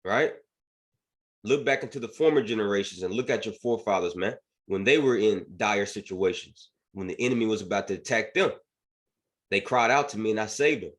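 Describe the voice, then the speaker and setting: A man's voice: on the low side, brisk, a bit bright. A man teaching scripture and commenting on news in an emphatic preaching manner, often asking "right?". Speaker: bible teacher.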